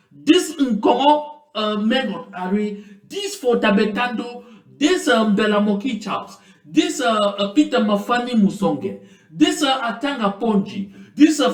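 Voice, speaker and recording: A man's voice: high-pitched, echoey room, poor audio. A man giving impassioned commentary, speaking emphatically and breaking into indignant questions. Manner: emphatic, rising to indignant outbursts.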